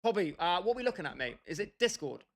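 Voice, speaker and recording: A man's voice: high-pitched, big pitch swings, fast, a bit bright. A young British man casually chatting with his livestream viewers, bantering with them by name and laughing often. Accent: British English. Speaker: streamer.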